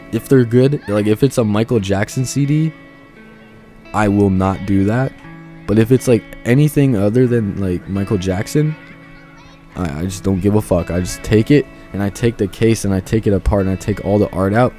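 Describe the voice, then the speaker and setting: An actor playing a laid-back young amateur musician, telling a rambling, slangy, off-script story to the camera. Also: male voice, on the low side, mellow, lightly acted. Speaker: aspiring musician.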